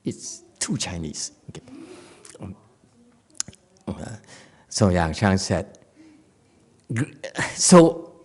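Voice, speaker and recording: A man's voice: deep voice, sing-song, extremely slow, long pauses, darkish tone, husky. A man with a Korean accent giving a dharma talk as a Zen master, playful, telling stories and laughing often.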